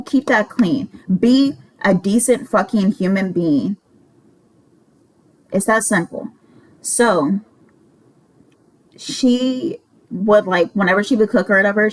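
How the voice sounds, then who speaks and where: A woman's voice: fairly low pitch, poor audio. A woman in her twenties telling a roommate story in a casual, rambling way, exasperated and swearing freely. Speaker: vlogger.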